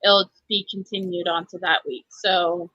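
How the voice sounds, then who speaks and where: A woman's voice: fairly low pitch, flat delivery, a little slow, bright, forceful tone, no echo, lo-fi sound. A woman hosting a live stream, chatting casually with plenty of fillers. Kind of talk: casual chat.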